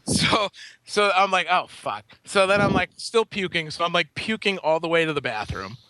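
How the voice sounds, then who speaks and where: A man's voice: high voice, animated, moderate pace, heavy background noise. A man co-hosting a podcast, telling a long, rambling anecdote in casual, profane chat. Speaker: podcast co-host. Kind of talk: casual storytelling.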